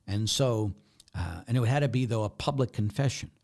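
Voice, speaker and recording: A Catholic priest delivers a plain-spoken, conversational sermon, now and then checking in with listeners with a quick "huh?". His voice is fairly low, animated, creaky and a little mellow.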